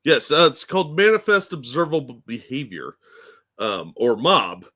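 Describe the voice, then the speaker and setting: Co-host, man, bright tense tone, blunt and crude. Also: mid-range voice, very animated, moderate pace. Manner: blunt, crude, sarcastic remarks. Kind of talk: casual podcast chat.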